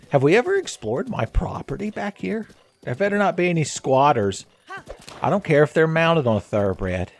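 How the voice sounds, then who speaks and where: Animated, jokey man playing a game. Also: mid-range voice. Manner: jokey, rambling, crude humor. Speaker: let's play host. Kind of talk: casual game commentary.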